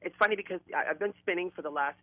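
A woman's voice: lowish voice, racing, no echo. A woman calling in as a guest on a radio talk show, telling her story in an easygoing way. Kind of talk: phone interview. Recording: tinny phone line.

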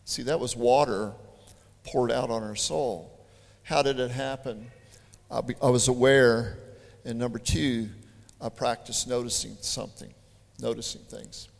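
A man preaching a sermon, telling stories in an animated, chatty way with joking asides. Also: mid-range voice, measured pace, gravelly. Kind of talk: storytelling sermon. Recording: long hall reverb.

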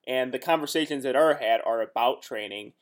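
A man's voice: medium pitch, a little fast. Man, casual podcast chat, earnest, rambling, mid-range voice. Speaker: competitive powerlifter, guest.

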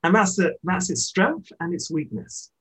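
A poet in conversation, speaking thoughtfully about poetry and pausing to restart his sentences. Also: high-pitched, big pitch swings, fairly bright tone, breathy edge, low-quality recording. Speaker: poet, interviewee. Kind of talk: reflective literary conversation.

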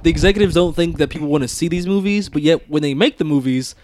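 A young man hosting a casual podcast chat, playful and quick to laugh. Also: fairly high pitch. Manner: laughs often, animated and playful. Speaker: podcast host.

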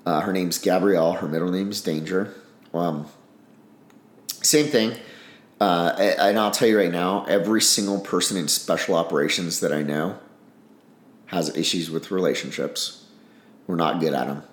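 A man's voice: deep voice, steady tone, normal speed, pauses often, echoey room. A man speaking in a casual interview, blunt and frank, swearing and acting out bits of dialogue. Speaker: podcast guest, army special operations veteran.

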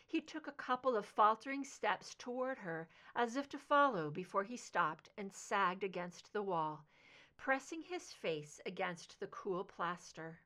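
A woman reading fan fiction aloud, narrating in an expressive, emotive way. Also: medium pitch, unhurried. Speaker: audiobook reader.

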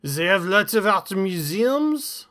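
A man voicing a theatrical French man who says he is the guest's brother, speaking in a mock French accent with a high, loud, exaggerated delivery. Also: very animated, slow pace, exaggerated voice. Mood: haughty.

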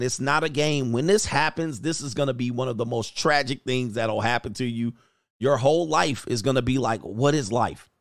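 A man's voice: medium pitch, dry recording, studio quality. A man hosting a livestream, reading viewer messages and giving mocking, preachy commentary in a casual tone. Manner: mocking, preachy, drawls words for effect. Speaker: livestream host reacting to news and reading super chats.

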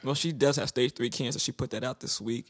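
A young man co-hosting a podcast in casual chat, animated and joking with slangy talk. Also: medium pitch, fairly quick, husky. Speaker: podcast co-host.

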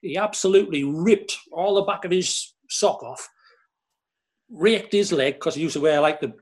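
A rambling man with a slightly high voice. He talks in a loose, casual way, with filler words at every turn. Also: moderate pace. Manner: rambling, lots of "like" and "you know". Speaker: former footballer guest. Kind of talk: casual anecdote telling.

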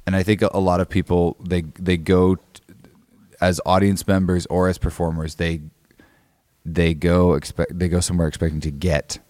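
A man's voice: low voice, little pitch movement, moderate pace, mellow, no echo, studio quality. A man, a guest musician, telling a story in a casual interview, rambling with many restarts and fillers.

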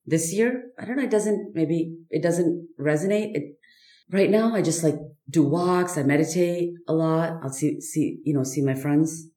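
A woman speaking candidly as a podcast guest, halting and searching, with many fillers and restarts. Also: low voice, dark tone, reverberant. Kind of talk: candid personal conversation.

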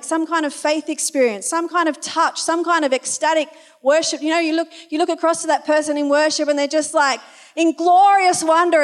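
A woman preaching a conversational sermon, chatty and informal, with wry asides and the odd moment of losing her place. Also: very high-pitched. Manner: loses her place and corrects herself aloud.

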